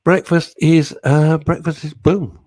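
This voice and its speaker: A man's voice: a little high, takes it slowly, no echo. A man hosting a radio talk show, chatting casually and reading out listener comments by name. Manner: chatty, animated, jokey, talks to listeners by name.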